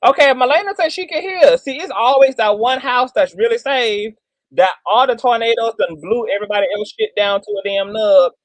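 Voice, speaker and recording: A man's voice: extremely high pitch, fairly quick, no room sound. A man hosting livestream commentary in a sassy, theatrical way, peppered with "girl" and "child". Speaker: commentary channel host.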